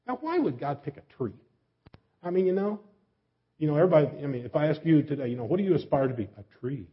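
A man's voice: a little high, expressive, fast talker, slightly rough. A man preaching a sermon in a folksy, self-deprecating way, asking his listeners many questions. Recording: slightly dull, lo-fi recording.

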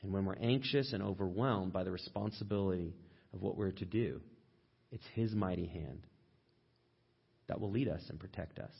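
A man preaching a sermon as pastor, in a conversational way, sometimes acting out quoted complaints in a higher voice. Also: moderate pace, creaky, long pauses, husky, lo-fi sound.

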